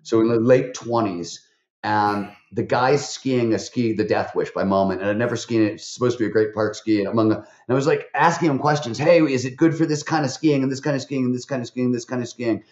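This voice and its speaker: A man, a podcast guest and author, talking in a lively way, telling stories full of fillers and quoted voices. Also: mid-range voice, echoey room, lo-fi sound. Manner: animated, fast-talking, with many fillers and acted quotes. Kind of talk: conversational interview storytelling.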